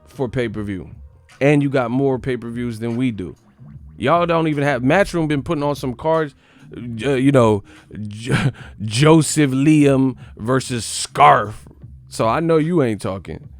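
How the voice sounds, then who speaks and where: An American man hosting a boxing live stream, ranting in an animated, mocking, trash-talking way. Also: mid-range voice, slow pace, no room sound. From United States. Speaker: boxing channel host.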